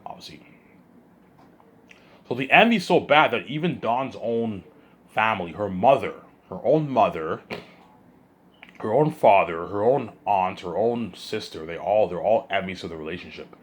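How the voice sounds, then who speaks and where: A man's voice: lowish voice, expressive, moderate pace, pauses often, breathy edge. A tired man vlogging to his viewers in a rambling monologue, repeating himself, stumbling over restarts and swearing.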